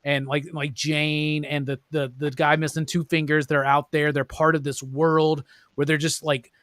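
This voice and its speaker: A man's voice: on the high side, level tone, moderate pace, a bit bright, no room sound. A man hosting a casual movie review chat, loose and profane, acting out lines in joking voices. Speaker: host.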